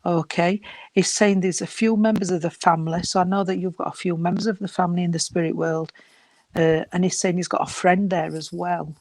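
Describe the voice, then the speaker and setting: A woman's voice: fairly low pitch, fairly even intonation, a little fast, a little mellow, no echo. A woman giving a psychic reading, speaking earnestly with many restarts and calling the sitter sweetheart and darling. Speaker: spiritualist medium.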